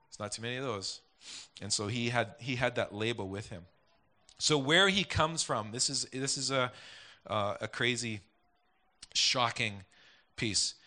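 A man's voice: medium pitch, bright, forceful tone. A man preaching a conversational sermon, rambling with many restarts and asides. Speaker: pastor.

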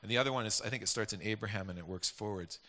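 A man's voice: lowish voice, very fast, sharp tone. A man preaching a conversational sermon, rambling with many restarts and asides. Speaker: pastor.

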